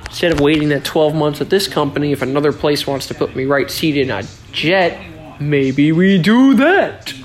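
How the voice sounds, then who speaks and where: A man hosting a casual solo podcast, joking around, swearing a lot and breaking into sudden yells. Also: fairly high pitch, steady tone, brisk, few pauses. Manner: profane, joking, with sudden yelling outbursts. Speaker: podcast host.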